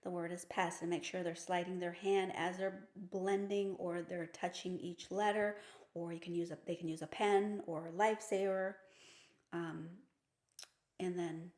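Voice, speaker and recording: Woman, reading teacher, explains step by step, slightly low pitch, echoey room. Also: level tone, moderate pace, a little mellow. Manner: explains step by step, often asks okay. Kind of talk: instructional demonstration.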